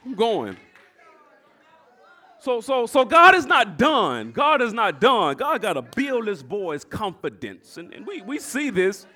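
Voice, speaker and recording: Male pastor, sermon in church: high, brassy voice, rhythmic repetition, swells to shouts. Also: huge pitch swings, takes it slowly. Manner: storytelling preacher, repeats phrases, swells to shouts.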